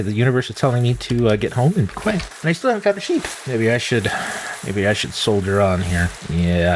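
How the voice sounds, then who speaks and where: Guy rambling thru a gameplay video, pitch all over the place, bit of faint noise. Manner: rambling, animated, talks to himself while playing. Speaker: gaming channel host. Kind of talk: casual gameplay commentary.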